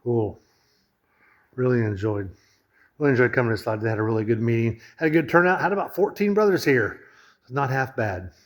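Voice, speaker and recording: A man with a mid-range, fairly bright voice chats casually while touring a lodge room. He's a vlogger narrating the walkthrough, rambling with plenty of fillers and restarts.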